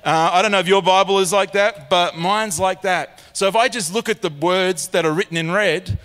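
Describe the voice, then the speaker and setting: A man with an Australian accent preaching a sermon in a church, a lively storyteller who acts out his scenes. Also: sits high, moderate pace. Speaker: pastor. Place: large church auditorium. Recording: long church hall reverb.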